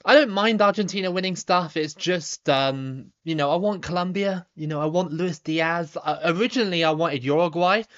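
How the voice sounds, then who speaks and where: A man in his thirties with a Somerset accent, chatting casually on a live stream while reading viewer comments, relaxed, with lots of ums and restarts. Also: on the high side, normal speed, few pauses, dull audio. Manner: relaxed, chatty, frequent ums and repeated starts, laughs easily.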